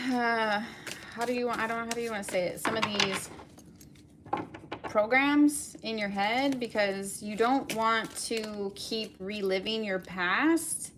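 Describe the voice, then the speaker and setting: A woman's voice: a little high, measured pace, noisy background. A young woman giving a collective tarot reading, talking in a meandering way with many fillers. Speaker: tarot reader.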